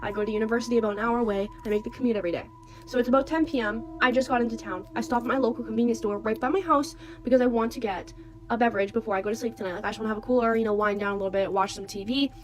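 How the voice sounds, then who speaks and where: A woman's voice: on the high side, fairly even intonation, racing, rough recording. A young woman, a university student, telling a personal story in an urgent, chatty way and often checking in with "okay?". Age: young adult. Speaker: storyteller in a clip. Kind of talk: casual storytime monologue.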